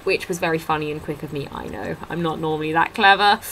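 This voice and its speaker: A woman's voice: deep voice, fast talker, very noisy. A young woman chatting into her laptop webcam at home, telling funny stories and acting out what others said. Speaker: vlogger. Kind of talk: casual chat. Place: indoors at a table at home.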